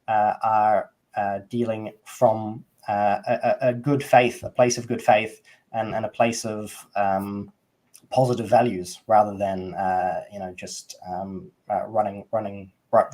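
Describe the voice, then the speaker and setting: A man's voice: fairly low pitch, darkish tone. A man with a New Zealand accent co-hosting a political livestream, hesitant, with many fillers and restarts. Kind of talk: casual political talk show.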